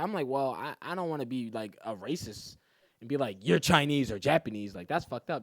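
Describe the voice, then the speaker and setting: Lively man telling a wild story. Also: medium pitch, quick pace, no room sound. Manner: animated, acts out other people's lines, laughs a lot. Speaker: comedian guest. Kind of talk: casual podcast storytelling.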